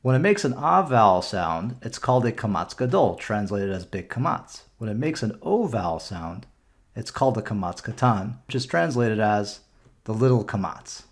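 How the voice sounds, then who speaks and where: A man's voice: on the low side, expressive, moderate pace. Patient Canadian man explaining step by step. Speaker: bar mitzvah tutor. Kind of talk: screen-recorded lesson. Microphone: computer mic for a screen recording.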